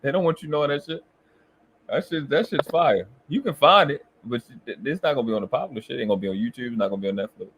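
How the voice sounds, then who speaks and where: A man's voice: medium pitch, animated, fast talker, fairly bright tone, slightly rough. A man in casual live-stream chat, talking boastfully and emphatically with heavy profanity. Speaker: co-host.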